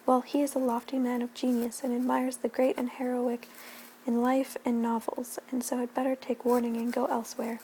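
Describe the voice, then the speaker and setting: Soft-spoken woman reading in a hush. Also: on the high side, a little hiss or hum, poor audio. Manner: gentle, hushed, slipping into whispers. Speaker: ASMR reader. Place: home.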